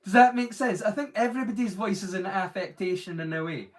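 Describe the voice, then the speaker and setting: A man's voice: high-pitched, steady tone, fairly quick. A man hosting a live stream, chatting casually and rambling while he reads the chat aloud.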